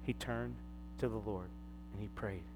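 A man's voice: on the low side, unhurried. A middle-aged man preaching a sermon, telling a personal story and acting out the voices in it. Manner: storytelling, animated, acts out quoted voices. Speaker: pastor. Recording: long hall reverb, faint hum.

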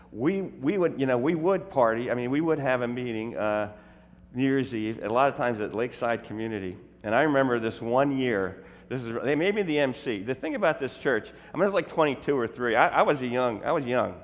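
Animated preacher with a booming echo. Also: male voice. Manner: animated, self-interrupting, laughs at his own stories. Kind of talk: humorous sermon storytelling. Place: church sanctuary. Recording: long hall reverb in a church.

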